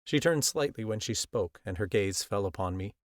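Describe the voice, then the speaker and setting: Low-voiced male audiobook narrator. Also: lively intonation, no room sound, clean studio sound. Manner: measured, earnest storytelling. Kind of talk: scripted first-person audiobook narration. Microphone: close studio mic.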